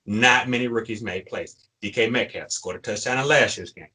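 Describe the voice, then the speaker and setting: A man's voice: on the low side, normal speed, pushed and bright, slightly rough, poor audio. A man co-hosting a sports fan show, ranting emphatically and repeating his points, worked up and frustrated. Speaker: sports podcast co-host. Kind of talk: fired-up fan commentary.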